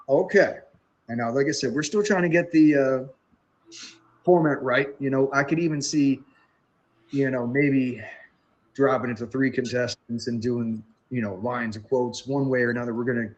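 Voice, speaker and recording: A man's voice: medium pitch, muffled recording. A man hosting a casual livestream quote contest, rambling with many fillers and restarts. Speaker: host.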